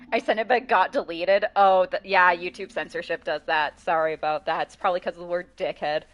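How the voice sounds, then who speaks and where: A woman's voice: lowish voice, steady tone, brisk, hardly any pauses, faint music behind. Giggly swearing woman streamer. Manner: giggly, rambling, swears casually. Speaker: game streamer. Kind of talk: casual live-stream chat.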